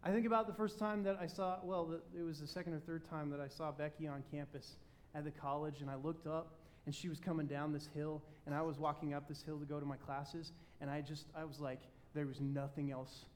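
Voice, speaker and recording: Animated high-voiced preacher man. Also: brisk, slight background noise. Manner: animated storytelling, swings between loud excitement and quiet emphasis. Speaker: pastor. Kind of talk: sermon.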